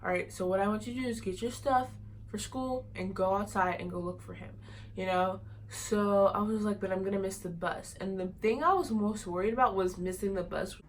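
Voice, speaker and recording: A woman's voice: mid-range voice, brisk, a little hiss or hum, low-quality recording. A teenage girl telling a personal story in a casual, rambling way, full of fillers. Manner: rambling, many fillers like "like" and "you know". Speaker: vlogger.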